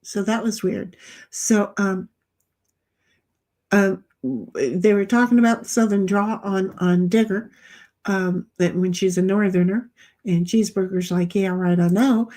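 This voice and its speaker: A woman's voice: mid-range voice, steady tone, measured pace, mellow. A woman co-hosting a live game night who talks through her card moves, recaps the chat and laughs a lot. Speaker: livestream co-host. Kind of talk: casual chat while playing a card game.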